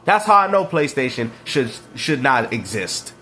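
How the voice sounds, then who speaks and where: A man's voice: medium pitch, very animated, moderate pace, sharp tone, slight background noise. A man reacting to clips and ranting about video games, mocking and slangy, laughing at his rivals. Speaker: gaming commentator.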